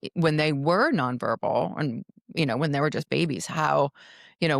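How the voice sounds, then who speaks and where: Deep-voiced woman host, dry. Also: moderate pace, gravelly, dry recording. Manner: empathetic, frequent brief affirmations. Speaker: podcast host. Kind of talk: interview.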